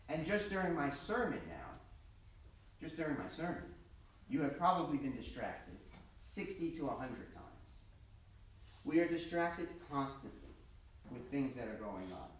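A man preaching as a priest, telling stories and repeating his points in a plain, conversational way. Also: fairly high pitch. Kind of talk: sermon with storytelling. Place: large church. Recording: very echoey church from far off.

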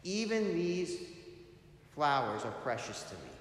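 A man speaking as a gentle, patient Christ figure who teaches calmly, in an echoey hall. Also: fairly high pitch, measured pace. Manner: calm, instructive. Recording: echoey hall, faint hiss.

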